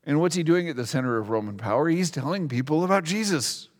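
Energetic preaching man in reverberant hall. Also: fairly high pitch, fast talker. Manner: energetic, conversational preaching with rhetorical questions. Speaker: pastor. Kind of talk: sermon. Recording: long reverb of a large hall.

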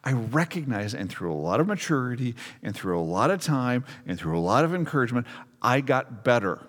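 A man's voice: mid-range voice, fairly quick. A pastor in his forties preaching a sermon, telling stories with self-mocking humor and acting out the people in them. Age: 40s. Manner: lively storytelling, acts out quotes, self-mocking humor. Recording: long reverb of a large hall.

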